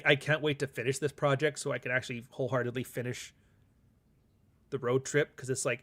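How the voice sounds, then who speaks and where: A man's voice: medium pitch, fairly bright tone. Rambling, candid man talking casually. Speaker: podcast host and author. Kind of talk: casual vlog monologue.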